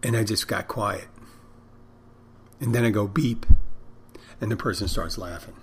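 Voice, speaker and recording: A middle-aged man with a slightly low voice talks through an unscripted podcast monologue. He wanders from topic to topic with a dry, joking manner and chuckles at his own stories. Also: moderate pace, a bit bright, slight background noise. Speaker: podcast host and restaurant owner.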